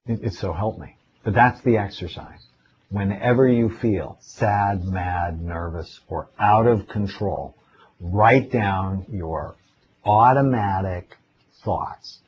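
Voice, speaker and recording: A middle-aged man with a very low voice gives a relaxed webinar lecture, mixing advice with his own stories. He acts out the thoughts in his head as he goes. The audio is dull and lo-fi, with a faint hum of ambience behind him. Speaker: psychiatrist giving a webinar. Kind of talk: casual spoken lecture with personal stories.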